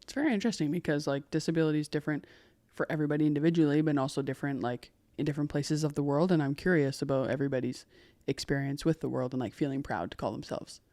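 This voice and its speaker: A woman's voice: low-pitched, fairly even intonation, rapid-fire, hardly any pauses, mellow, dry recording. A woman from Canada, a Paralympian, co-hosting a podcast in casual chat, thoughtful and earnest. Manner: thoughtful, reads definitions aloud with emphasis.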